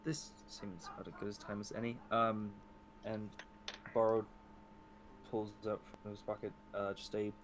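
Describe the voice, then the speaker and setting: A man's voice: on the low side, flat delivery, normal speed, slight background noise. A man playing a tabletop role-playing game, thinking aloud with plenty of hesitations. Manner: hesitant, many fillers when narrating his character. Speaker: player. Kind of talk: casual tabletop game chat.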